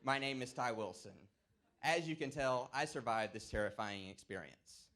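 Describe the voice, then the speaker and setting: A man's voice: mid-range voice, normal speed, a bit bright. Man telling a story with dramatic flair. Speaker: 4-H council candidate. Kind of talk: prepared campaign speech with storytelling.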